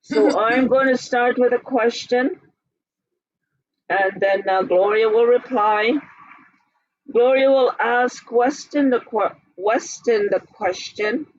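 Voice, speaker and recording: Slow, patient woman teaching pronunciation. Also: on the high side, no echo, dull audio. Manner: breaks words into syllables and repeats them slowly. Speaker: language teacher. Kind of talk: slow, patient classroom instruction.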